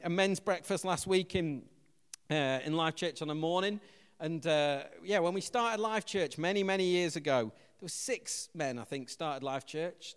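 An English man preaching a sermon as pastor, an animated storyteller who acts out quotes loudly. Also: a little high, long reverb tail. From England.

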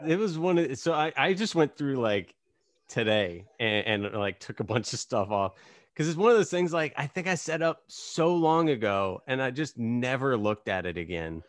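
A man hosts a podcast in a loose, rambling way, poking fun at himself as he talks. His voice is recorded close and dry, with no room sound. His pitch sits in an ordinary middle range. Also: very animated, normal speed, no room sound. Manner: rambling, self-deprecating storytelling. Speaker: podcast host. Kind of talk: casual conversation.

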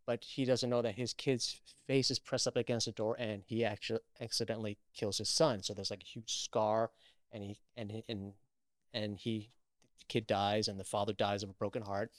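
A man's voice: lowish voice, flat delivery, normal speed, no room sound, studio quality. A man, an actor, chatting as an interview guest, telling stories animatedly with many restarts. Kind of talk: casual interview chat.

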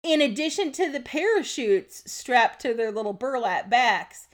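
Female podcast co-host, casual and giggly, animated delivery, slightly high voice. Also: a little slow. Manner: laughs often, explains facts. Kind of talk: casual history chat.

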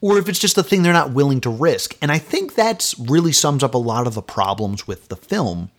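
A man hosts a casual podcast film review, alone at the mic. His voice swoops widely up and down as he rambles and vents, leaning on fillers throughout. He sounds exasperated rather than calm. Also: mid-range voice, brisk. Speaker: podcast host.

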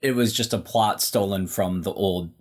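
A man's voice: fairly low pitch, moderate pace. A man cohosting a podcast, wry in casual chat, swearing and trailing off. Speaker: podcast co-host.

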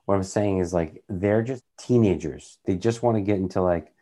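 A man's voice: deep voice, moderate pace, warm tone. A man co-hosting a casual movie podcast, rambling loosely with lots of fillers and swearing. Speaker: podcast co-host.

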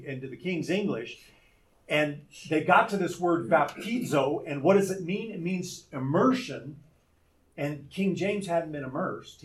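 A man's voice: fairly high pitch, distant mic. A man teaching a Bible lesson, explaining words by asking rhetorical questions.

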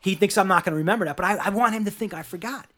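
Animated, profane man telling a story. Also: high voice, rapid-fire, slight background noise. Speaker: podcast host telling a bartending story. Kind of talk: casual storytelling chat.

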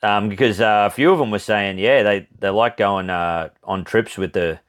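A man's voice: fairly low pitch, moderate pace. A young Australian man co-hosting a podcast, telling a long rambling story in casual chat, swearing freely and laughing often. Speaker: podcast co-host.

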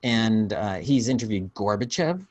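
Male podcast host, lowish voice, dry close sound, chatty storyteller. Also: measured pace, no room sound, dull audio. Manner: storytelling, animated, restarts often. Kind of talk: casual podcast chat.

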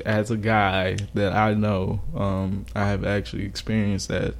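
A man co-hosting a podcast in casual chat, speaking in a laid-back, wry and measured way. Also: lowish voice, completely flat delivery, a little hiss or hum. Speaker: podcast co-host.

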